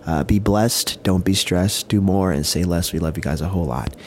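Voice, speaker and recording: A young man co-hosting a casual podcast, gentle and reassuring, with loose slangy talk. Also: low voice, normal speed. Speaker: podcast co-host.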